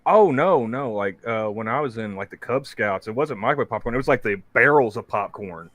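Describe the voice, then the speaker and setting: A man's voice: mid-range voice, expressive, brisk, a bit bright, no echo. A man in casual podcast banter, joking and profane, often restarting his words.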